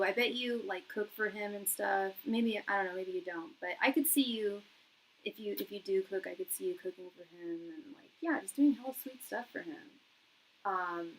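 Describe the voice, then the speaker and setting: A woman's voice: mid-range voice, slight background noise, rough recording. A young woman reading tarot on a live stream, chatting casually with lots of fillers, laughs and repeated words. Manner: reads viewers' chat messages aloud. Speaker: tarot reader and psychic.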